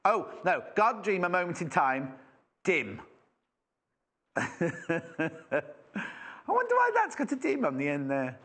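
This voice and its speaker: Chatty man with lively pitch. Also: slow pace, pauses often, slightly rough. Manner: chatty and rambling, exclaiming over fabrics. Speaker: shopping channel presenter. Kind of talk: live sales presenting. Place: TV shopping studio.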